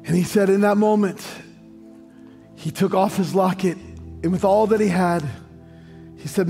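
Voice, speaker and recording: High-voiced American pastor preaching in a hall. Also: male voice, steady tone, normal speed, gravelly, pauses often, dark tone. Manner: storytelling, joking asides, rising to sung emphasis. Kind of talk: sermon. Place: large church hall. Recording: long hall reverb, faint music.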